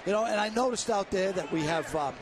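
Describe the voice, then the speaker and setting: A man joking and rambling excitedly as a guest commentator during a baseball broadcast. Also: sits high, a little fast, a crowd in the background.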